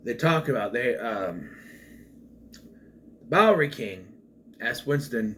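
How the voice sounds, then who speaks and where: Animated rambling man reviewing a film. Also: on the low side, slow, long pauses, a little hiss or hum. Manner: rambling and animated, with frequent restarts and asides. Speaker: movie reviewer. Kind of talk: casual spoken film review.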